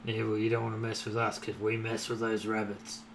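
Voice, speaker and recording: A man playing a tabletop game, joking around with quick quips. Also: lowish voice, completely flat delivery, noisy background. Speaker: player.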